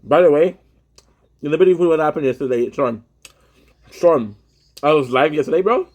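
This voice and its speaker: A man's voice: on the high side, lively intonation, normal speed, a little mellow. A young man with a Québécois accent, chatting casually on a livestream while eating, switching between French and English and greeting viewers.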